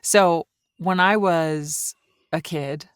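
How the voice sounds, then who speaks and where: A woman's voice: deep voice, extremely slow, clear, resonant tone, dry recording, studio quality. A woman guest who grew up in Switzerland, chatting and telling stories in a podcast interview. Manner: chatty, storytelling. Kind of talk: casual interview chat.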